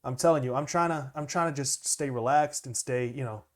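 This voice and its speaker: A young man, a music producer, chatting casually and excitedly as he reacts to an album, laughing often. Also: medium pitch, fairly quick. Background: music playing faintly.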